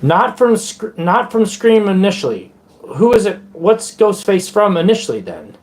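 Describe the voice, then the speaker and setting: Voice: medium pitch, very animated, moderate pace, a little mellow. A live streamer chatting casually with viewers in a playful, rambling way, now and then breaking into made-up silly songs. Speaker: livestream host and musician.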